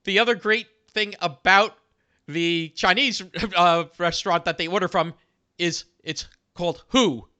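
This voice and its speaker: A man with a high, bright, clear voice, co-hosting a podcast in casual chat. He stammers and repeats words as he talks, and laughs a lot. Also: fairly even intonation, unhurried. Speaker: podcast co-host. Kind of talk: casual chat recapping a sitcom episode.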